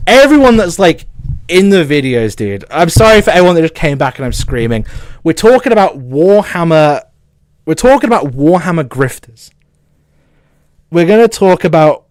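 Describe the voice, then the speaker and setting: Streamer, man, southern English accent, high lively voice, stuttering angry rant, dry close sound. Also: moderate pace, no echo. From south of England. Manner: angry, swearing, excitable. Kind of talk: casual livestream rant.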